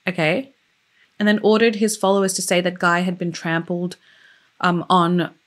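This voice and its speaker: A woman's voice: fairly low pitch, level tone, moderate pace. A young woman who is a true crime YouTuber, telling a case in a loose, chatty way with many fillers and open emotion. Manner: openly emotional about the story. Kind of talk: casual storytelling.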